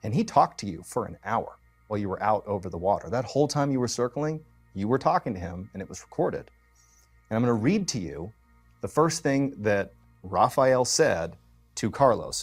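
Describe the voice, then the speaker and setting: A man telling a true mystery story in a loose, conversational way, full of fillers and restarts. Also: lowish voice. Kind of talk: casual spoken storytelling.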